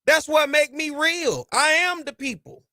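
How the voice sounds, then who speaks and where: Man, podcast host, high and bright, dry close sound. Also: a little slow, dry recording. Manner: animated, preachy, folksy slang. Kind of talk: casual sports talk.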